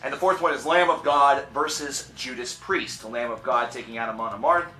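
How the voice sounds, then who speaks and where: Male vlog host, upbeat and chatty, bright tone, echoey room. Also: mid-range voice. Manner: upbeat, chatty, quick asides. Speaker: channel host. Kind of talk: casual vlog presentation. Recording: echoey room with faint music.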